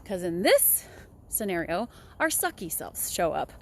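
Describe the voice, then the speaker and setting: A woman's voice: lowish voice, big pitch swings, unhurried. A young woman talking casually and upbeat in a motivational vlog, chatting while walking outdoors. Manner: chatty, upbeat, laughs often. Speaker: vlogger.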